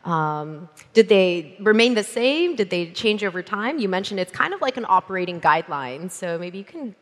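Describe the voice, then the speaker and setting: A woman's voice: mid-range voice, big pitch swings, normal speed. A woman venture capitalist interviewing a founder on stage, asking questions casually with fillers. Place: conference stage in a large hall. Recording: long hall reverb.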